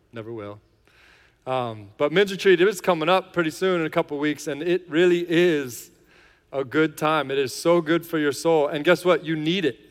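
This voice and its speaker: Male pastor, chatty and playful, smooth voice, long hall reverb. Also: a little high. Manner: joking, chatty, many fillers. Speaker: lead pastor. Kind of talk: casual sermon intro and worship lead. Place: large church hall.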